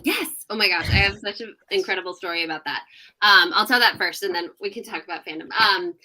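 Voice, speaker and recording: A woman in her thirties, a sports reporter, chats as a podcast guest with a bright, forceful tone. She tells her stories with animated energy and laughs often along the way. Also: mid-range voice, quick pace. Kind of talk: casual podcast interview.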